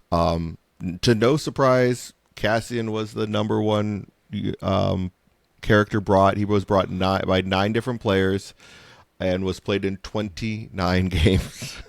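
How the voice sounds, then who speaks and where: A man co-hosting a casual gaming podcast, talking in a laid-back, halting way with frequent restarts. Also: deep voice, gravelly, no room sound. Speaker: podcast co-host. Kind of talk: casual chat.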